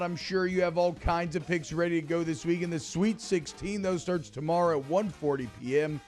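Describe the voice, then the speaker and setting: A man hosting sports talk radio, chatty and energetic, with loose casual banter. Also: a little high, normal speed, few pauses, faint music behind.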